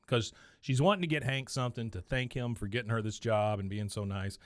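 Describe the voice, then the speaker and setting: A man's voice: medium pitch, fairly even intonation, brisk, few pauses, no room sound, clean studio sound. Man recapping a show with easy laughs. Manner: laughs often, reads quotes in lightly changed voices. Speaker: podcast co-host recapping an episode. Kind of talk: casual chat, reading out scenes.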